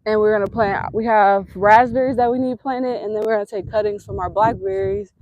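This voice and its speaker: A woman with a drawl walks a rural trail and talks through her plans in a chatty, think-aloud way. Her voice sits at an ordinary middle pitch and is picked up outdoors by a handheld camera. Faint outdoor noise stays in the background. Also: steady tone, brisk, dull audio. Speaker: homesteader giving a tour of her land. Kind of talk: casual walking tour. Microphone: husband's handheld camera.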